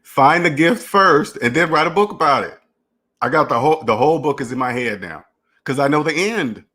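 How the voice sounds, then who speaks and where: A man's voice: fairly high pitch, expressive, normal speed, sharp tone. A man hosting a finance channel, talking in a rambling, repetitive solo monologue and acting out imagined dialogues. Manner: repetitive, restarts phrases, emphatic.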